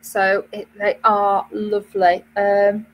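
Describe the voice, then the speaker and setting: A woman's voice: medium pitch, completely flat delivery, slow, rough recording. A British woman co-hosting a knitting web show, chatting casually with many fillers and restarts. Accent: British English. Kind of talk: casual chat.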